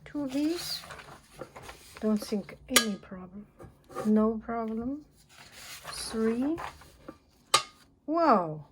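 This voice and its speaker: Brief: woman, very slow soft half-whisper, unboxing vlog, clicking noise behind. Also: on the high side. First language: Mandarin Chinese. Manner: soft, often half-whispered, excited exclamations. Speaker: teacher.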